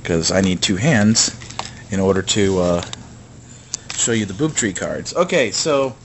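A man co-hosting a casual podcast, joking and laughing often, with halting fillers. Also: low voice, a little hiss or hum. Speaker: podcast co-host. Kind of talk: casual chat.

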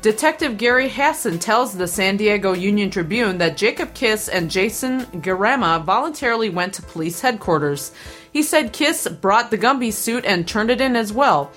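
A woman's voice: mid-range voice, moderate pace, soft background music. Woman reading wry comic news. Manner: wry, deadpan news delivery with punchlines. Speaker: podcast co-host.

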